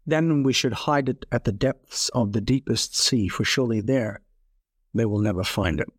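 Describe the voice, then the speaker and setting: A man's voice: mid-range voice, normal speed, slightly rough, no echo, studio quality, lightly acted. A man voicing a naive, eager man in a parable, talking earnestly with a slightly raised voice.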